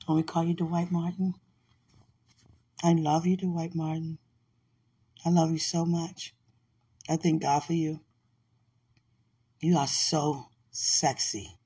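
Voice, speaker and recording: Husky, gravelly woman, playful and teasing. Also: low-pitched, dark tone. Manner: playful, teasing, laughing often. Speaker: podcast host. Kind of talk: casual prayer and affectionate banter.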